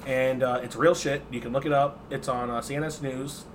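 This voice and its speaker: A man co-hosting a podcast, trading deadpan, profane jokes in casual banter. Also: mid-range voice, fairly quick. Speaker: podcast co-host. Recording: background noise.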